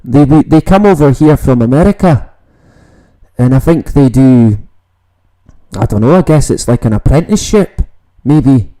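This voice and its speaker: A man's voice: mid-range voice, animated, moderate pace, mellow, poor audio. A man hosting a casual late-night livestream, rambling, swearing and greeting viewers in the chat. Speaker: livestream host.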